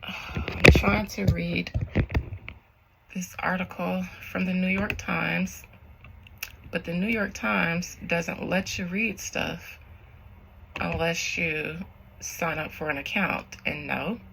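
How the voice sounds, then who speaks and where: A woman's voice: lowish voice, fairly even intonation, slow pace, vocal fry, pauses often, a bit bright, a little hiss or hum, rough recording. A woman tarot reader talking casually to her viewers, rambling and slangy, in a spiritual reading vlog.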